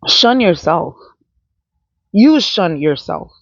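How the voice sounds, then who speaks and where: A woman's voice: low voice, a little slow, creaky, darkish tone, dry recording. A woman talking in a blunt, profane, rambling unscripted monologue as a vlogger. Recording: dull, dry, lo-fi sound.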